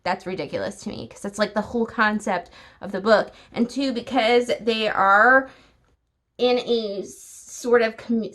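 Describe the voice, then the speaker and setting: A young woman vlogs about books from home at night, her voice on the high side and fairly bright. She chats casually and shares opinions on what she's been reading, using lots of filler words.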